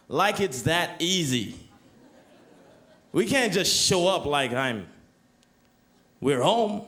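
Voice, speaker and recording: A young man from Canada performing a stand-up comedy set, with deadpan setups and excited bursts on the punchlines. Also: sits high.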